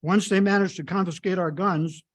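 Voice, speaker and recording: A man's voice: high voice, fairly even intonation, normal speed. A man reading a prepared public comment at a meeting, emphatic, with small stumbles.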